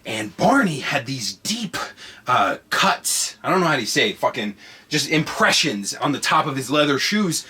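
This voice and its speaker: Excitable, foul-mouthed storytelling man. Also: mid-range voice, normal speed, husky. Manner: profane, excitable, swings between hushed and shouting. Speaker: podcast host. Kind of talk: comedic storytelling.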